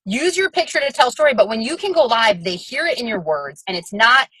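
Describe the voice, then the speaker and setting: A woman's voice: a little high, expressive, brisk, fairly bright tone, slightly rough, dry recording, poor audio. A woman coaching her team on a call, talking in a chatty, frank way with lots of fillers. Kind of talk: casual coaching talk.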